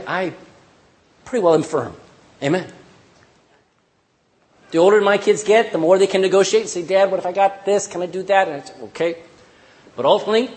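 A middle-aged man preaching a sermon, animated and emphatic, acting out little scenes and hammering points with repetition. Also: on the high side.

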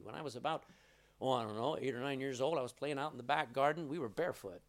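A man's voice: medium pitch, fast. A middle-aged man preaching a sermon, telling stories and acting out quoted lines with changes of voice. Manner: storytelling, acts out quotes with voice changes. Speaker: pastor.

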